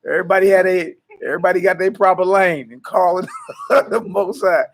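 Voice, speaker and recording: A high-pitched man with fairly even intonation talks a little fast as he chats casually on a ministry livestream ahead of prayer. He calls out viewers by name, gets them excited and laughs often.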